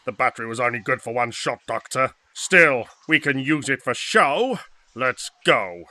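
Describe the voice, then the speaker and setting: A man's voice: medium pitch, expressive, moderate pace, bright, forceful tone, no room sound. A man voicing a defiant older father held prisoner, blunt and sardonic, in an audio drama. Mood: urgent.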